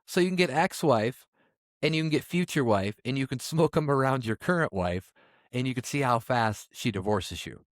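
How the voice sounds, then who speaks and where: A podcast co-host with a medium-pitched, animated voice talks casually at normal speed, reading out odd names and tossing in wry asides. The sound is clean studio audio with no room sound.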